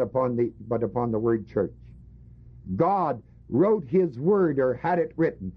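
This sermon comes from a man whose mid-range voice has a slight roughness. He teaches a Bible passage to his congregation with emphasis, often posing rhetorical questions, and the recording sounds dull and lo-fi.

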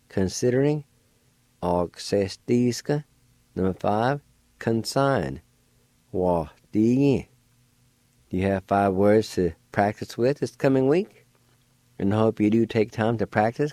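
Guy hosting a language lesson, super slow and careful, dry close sound. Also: lowish voice, warm tone, dry recording. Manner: slow, careful, repeats each word. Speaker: language teacher and radio host. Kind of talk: slow spelling and pronunciation lesson.

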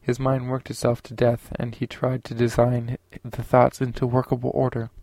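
A man narrating a science fiction audiobook in a steady, unhurried way. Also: medium pitch, creaky, dry recording.

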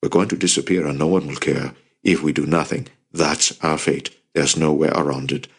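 A man's voice: rumbling low, steady tone, moderate pace, breathy edge, full character voice. A man voicing a grim, determined older uncle who speaks with firm urgency in an audiobook. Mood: grimly urgent.

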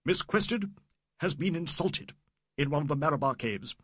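A man's voice: on the high side, expressive, moderate pace, bright, forceful tone, husky, no echo, clean studio sound, voice pushed up, exaggerated voice. A man voicing a grave, shaken colonial official. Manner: solemn, intense. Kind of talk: audiobook character voice.

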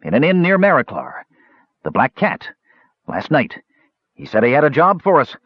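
A man voicing a cowardly male hired thief who whines and pleads in rough speech. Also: medium pitch, huge pitch swings, normal speed, dry recording, dull audio, voice pushed up. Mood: whining. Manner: whiny, pleading, rough grammar.

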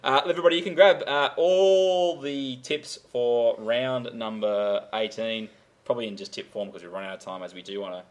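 A man's voice: medium pitch, moderate pace, dull audio. An Australian man hosting a podcast in casual banter, joking and laughing with his co-host. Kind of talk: casual chat.

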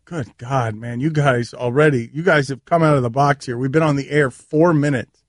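A man's voice: mid-range voice, moderate pace, no echo. A man hosting a sports radio show in a studio, bantering and teasing his co-hosts in a wry, rambling way. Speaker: host. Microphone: studio mic.

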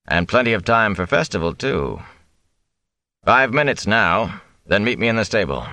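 A man reading an audiobook, voicing a stern, firm middle-aged farmer father who speaks in a measured way. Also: lowish voice, very animated, sharp tone, no room sound, full character voice. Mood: softer. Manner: measured, deliberate, brooks no argument. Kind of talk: audiobook character voice.

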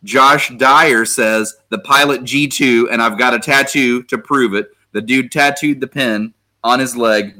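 A man's voice: mid-range voice, steady tone, unhurried, hardly any pauses, pushed and bright. A man hosting a casual podcast chat, enthusiastically reading listener comments aloud and swearing casually. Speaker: podcast host.

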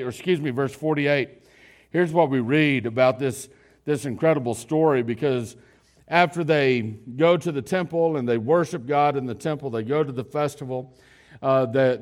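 In his sermon, a man recounts a story in a conversational style, using fillers and restarting sentences. His delivery moves from loud, emphatic moments to quiet, low-voiced lines.

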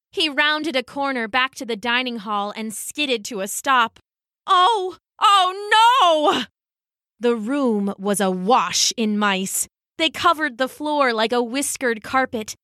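A woman reading a children's storybook aloud in an expressive, unhurried way. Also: fairly high pitch, dry recording, studio quality. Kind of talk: storybook read-aloud narration.

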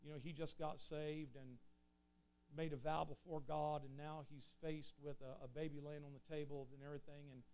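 A preacher telling an earnest story in a sermon, swelling loud and then dropping low. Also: male voice, level tone, moderate pace, a little hiss or hum. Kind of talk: sermon testimony.

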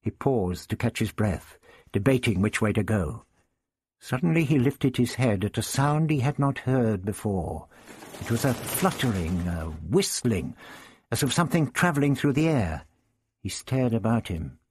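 A man narrating a story as an audiobook reader, expressive and deliberate. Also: mid-range voice, a little hiss or hum. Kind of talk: scripted narration.

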